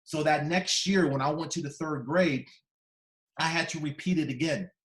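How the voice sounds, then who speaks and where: A man in his fifties tells his story to a conference hall, his voice sitting a little high for a man. He is dramatic and acts out the people he remembers. The sound rings with the echo of a large room. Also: normal speed, fairly bright tone. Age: 50s. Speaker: keynote speaker. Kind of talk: personal storytelling speech.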